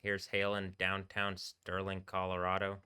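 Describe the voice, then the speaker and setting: A man's voice: low voice, monotone, unhurried, very noisy. A man hosting a live stream, rambling casually with many fillers and bursts of laughter.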